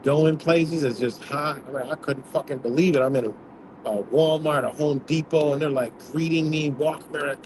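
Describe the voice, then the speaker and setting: A man's voice: fairly high pitch, fairly even intonation, moderate pace, noisy background. A man hosting a livestream, talking bluntly in a rambling, profane, casual rant, apparently from inside a vehicle. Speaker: livestream host.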